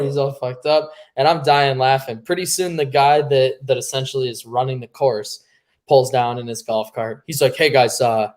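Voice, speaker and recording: A man's voice: medium pitch, moderate pace. A man co-hosting a casual podcast, telling a long anecdote in a loose, laughing way and swearing freely. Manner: laid-back, swears freely, laughs mid-story. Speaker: podcast co-host. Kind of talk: casual storytelling chat.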